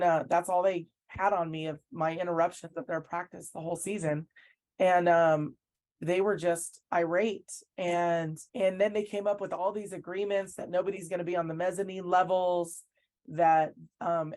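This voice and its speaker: Low-voiced woman coach telling her story. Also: steady tone, normal speed, darkish tone. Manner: earnest storytelling that acts out what others said. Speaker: basketball coach, interview guest. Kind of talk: recounting events in an interview.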